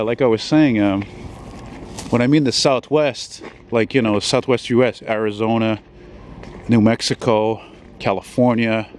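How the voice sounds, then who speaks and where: A man's voice: fairly low pitch, darkish tone, slight background noise. A man, walking outdoors on a city street and filming a casual vlog on a handheld camera, talking in a rambling, profane way with plenty of fillers. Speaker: vlogger.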